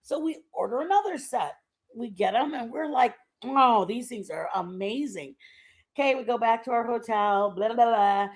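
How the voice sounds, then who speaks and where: A woman streaming a casual chat, telling a rambling travel story in an animated way and laughing often. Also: a little high, normal speed. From Texas. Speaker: stream host.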